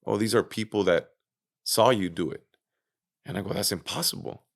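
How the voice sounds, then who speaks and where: A man's voice: on the low side, moderate pace, gravelly. A man being interviewed on a podcast, casually retelling his own story with lots of fillers, swearing and acted-out quotes. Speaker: interview guest.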